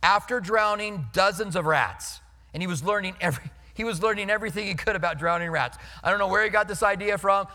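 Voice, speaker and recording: A male pastor preaching a sermon in a conversational, storytelling way, emphatic, dropping his voice low for serious points. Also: quick pace, pushed and bright, big-room sound.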